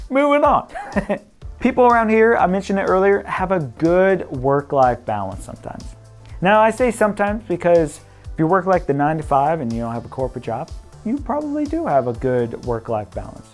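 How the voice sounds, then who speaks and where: A Midwestern man with a voice on the high side and a darkish tone works as a real estate broker. Talking casually to camera, he's playful and chatty, often laughing and acting out what people say.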